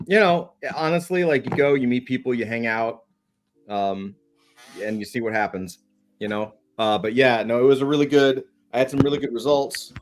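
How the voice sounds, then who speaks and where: A man co-hosting a casual podcast chat in a relaxed, easygoing way. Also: medium pitch. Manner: relaxed, laid-back with fillers. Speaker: podcast co-host.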